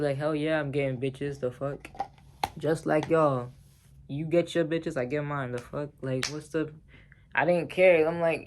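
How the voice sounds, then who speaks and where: A man's voice: on the high side, measured pace, pauses often, a little mellow, slight background noise. A man telling a personal story in a casual vlog, heated and profane, talking straight to the viewers.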